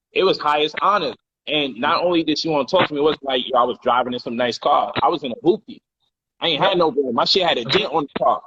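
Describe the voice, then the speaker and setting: Man, casual livestream storyteller, bright forceful voice, slightly higher pitch, acts out quotes loudly; muffled lo-fi audio. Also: breathy edge, dry recording. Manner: animated, profane, acts out heated quotes loudly. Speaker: guest telling a personal story. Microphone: phone or livestream mic.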